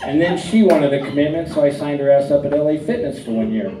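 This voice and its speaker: A middle-aged man from Arizona performing a stand-up comedy set, telling stories deadpan and chuckling at his own jokes. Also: a little high, fast talker, a crowd in the background. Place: comedy club stage. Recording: echoey club heard from a distance.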